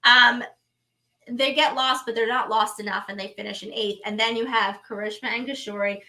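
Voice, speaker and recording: A woman, co-hosting a show and recapping it in an animated, chatty way. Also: a little high, moderate pace. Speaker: co-host, reality show recap. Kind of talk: casual chat.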